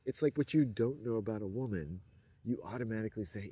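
A man's voice: on the low side, fast talker, mellow, breathy edge, no echo. A man talking in a rambling, sardonic monologue, often laughing at his own jokes. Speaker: monologue speaker.

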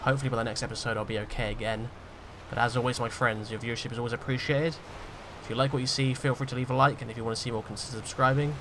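A man hosting a role-play gaming video, talking in a groggy, monotone way. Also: mid-range voice, very fast, noisy background. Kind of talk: role-play game commentary.

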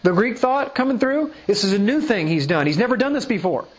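A man with a notably high voice delivers an emphatic sermon as a pastor. He keeps checking in with the listeners through rhetorical questions and reads scripture passages aloud. The recording sounds a little dull and lo-fi. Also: sing-song, brisk. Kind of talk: sermon teaching.

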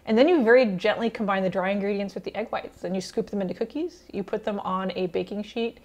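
A woman's voice: medium pitch, steady tone, quick pace, darkish tone, dull audio. A woman hosting a cooking channel, talking casually and enthusiastically to camera with chatty fillers and small laughs. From Italian heritage. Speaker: cooking show host.

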